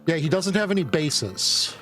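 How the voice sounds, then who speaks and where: A man's voice: fairly high pitch, very animated, moderate pace, fairly bright tone. A male streamer giving casual, rambling commentary while playing a game. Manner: chatty, rambling asides. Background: game music.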